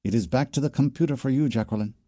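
A man voicing a young woman graduate student, speaking briskly in a story reading. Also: mid-range voice, dark tone, no echo, studio quality, voice pushed up, lightly acted. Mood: musing. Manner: brisk, self-talking.

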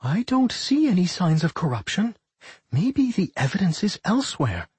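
A man voicing a worried, sharp-minded female pixie who thinks aloud and scolds her partner. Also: high-pitched, very animated, moderate pace, husky, no room sound, pitched above the performer's own voice, exaggerated voice.

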